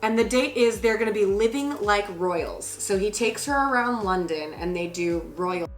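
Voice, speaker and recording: A woman's voice: mid-range voice, expressive, moderate pace. This woman hosts a casual recap chat in a mid-range voice. She talks bluntly, swears freely and keeps up a sarcastic running commentary. The room is echoey, with faint music under her. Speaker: vlog host recapping a dating show.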